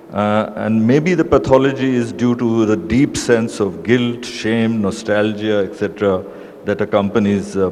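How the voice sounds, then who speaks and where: A man with an Indian accent, a panelist giving remarks in a deliberate, emphatic way with frequent hesitations, speaking into a microphone in a large hall. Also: on the low side, a little mellow. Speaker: panelist discussing a book. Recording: reverberant hall, faint ambient noise.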